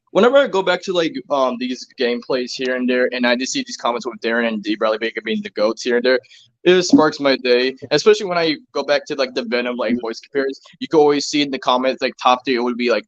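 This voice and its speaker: A man's voice: medium pitch, fast, fairly bright tone, dull audio. A man hosting a casual online chat who talks hesitantly, with many fillers and restarts. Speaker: stream host.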